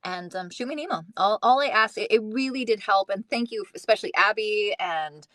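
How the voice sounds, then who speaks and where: A chatty woman hosting a live stream, talking loosely with frequent laughs and restarts. Her voice sits at an average pitch and sounds close and dry, with almost no room around it. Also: fairly quick, fairly bright tone, no echo. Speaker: livestream host and narrator. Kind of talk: casual livestream chat.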